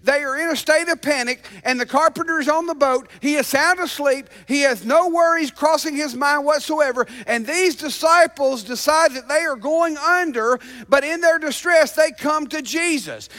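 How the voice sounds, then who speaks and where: A male pastor preaching a sermon to his congregation, emphatic and calling out to them, swinging between loud declarations and hushed asides. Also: very high-pitched, normal speed, few pauses. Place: church sanctuary.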